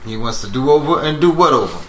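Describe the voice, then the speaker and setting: A man teaching a Bible class, asking students questions, repeating their answers and slowing down to stress each point. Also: medium pitch, lively intonation. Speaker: teacher leading a Bible study. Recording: echoey room with faint noise.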